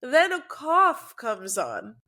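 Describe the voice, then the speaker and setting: A woman's voice: sits high, huge pitch swings, slow pace, sharp tone. A woman speaking as a podcast guest, audibly congested and nasal from a cold, chatting in a self-deprecating way. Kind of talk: casual podcast chat.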